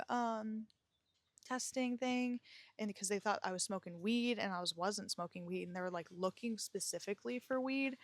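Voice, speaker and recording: A woman's voice: mid-range voice, no room sound, studio quality. Candid woman telling her own story. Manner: reflective, confessional, with many filler words. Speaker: podcast host.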